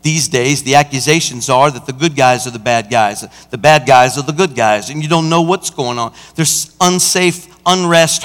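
A senior pastor preaching a sermon, acting out a roadside anecdote with lively emphasis. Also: male voice, mid-range voice. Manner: animated preaching, acts out an anecdote. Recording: church hall with long reverb.

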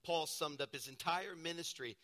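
A middle-aged male pastor preaching with a very bright, ringing voice that sits high for a man. He swings between loud, emphatic exclamations and hushed storytelling. His voice carries a long reverb from the church hall. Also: moderate pace. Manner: self-deprecating humor. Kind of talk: sermon. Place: church sanctuary at a pulpit.

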